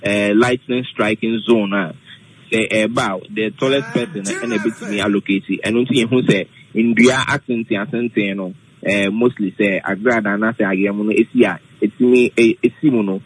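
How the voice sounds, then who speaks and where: A man explaining weather safety on the radio, halting, with many fillers, mixing English and Twi. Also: fairly low pitch, fairly even intonation, husky, no room sound, rough recording. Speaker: weather forecaster guest.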